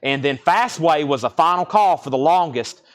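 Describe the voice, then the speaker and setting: A man hosting a live vinyl record sale stream, briskly repeating prices and bidder names. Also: fairly high pitch, lively intonation. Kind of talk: live auction sales stream.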